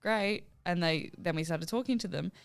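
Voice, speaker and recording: A young woman co-hosts a podcast in a studio, chatting casually, laughing often and saying "like" a lot. Her voice is fairly low, gravelly and clean in tone, at a normal speed.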